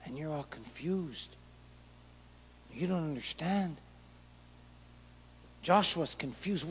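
A man's voice: a little high, animated, slow pace, pauses often, fairly bright tone, breathy edge, long reverb tail. A male pastor preaching a passionate sermon, acting out prayers and dialogue with rising intensity.

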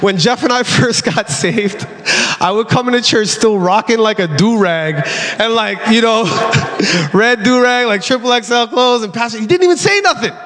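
A man preaching a lively, animated sermon as pastor, shouting at times. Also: very high voice, moderate pace, hardly any pauses. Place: large church hall. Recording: live church hall with congregation.

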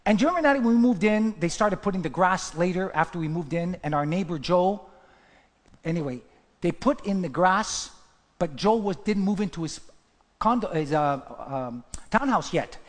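A male pastor preaching a sermon, emphatic, repeating his key phrases and swinging from hushed to loud. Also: high voice, lively intonation, normal speed. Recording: long hall reverb.

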